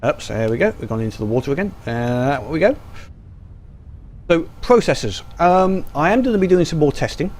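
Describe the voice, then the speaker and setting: A man's voice: on the high side, expressive, a little fast, darkish tone, a little hiss or hum. Rambling man doing gameplay commentary. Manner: rambling, many ums and restarts. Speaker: gaming YouTuber.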